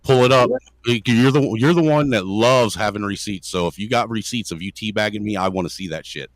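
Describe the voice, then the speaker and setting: A man's voice: fairly low pitch, brisk, no room sound. A man in casual voice-chat banter, blunt and combative, swearing freely.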